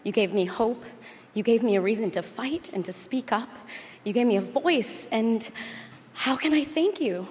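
A woman's voice: on the high side, lively intonation, normal speed, darkish tone. A young woman from Chicago reading a heartfelt tribute letter aloud in an earnest, emotional, tender way. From Chicago, USA. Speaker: speaker giving a tribute. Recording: reverberant hall with faint noise.

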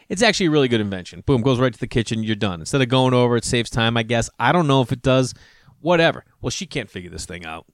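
A man's voice: mid-range voice, dry recording, clean studio sound. A man telling a rambling, profane story in a casual monologue and acting out the voices of the people in it.

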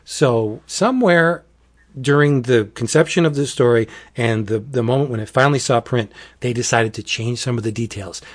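A man's voice: medium pitch, normal speed. A man chatting casually as a podcast host, animatedly retelling a wacky horror comic and acting out its quotes. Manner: animated storyteller, acts out quotes, says wackadoodle.

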